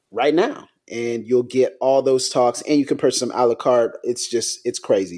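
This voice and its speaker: A man's voice: lowish voice, a little mellow, breathy edge. A man co-hosting a podcast, talking casually and emotionally, often stopping and restarting his sentences in frustration. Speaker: podcast co-host.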